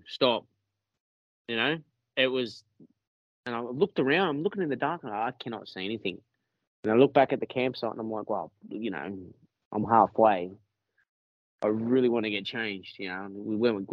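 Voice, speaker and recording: A man's voice: on the low side, brisk, dry recording, lo-fi sound. A man with an Australian accent telling a story in a casual podcast chat, rambling and swearing with many restarts.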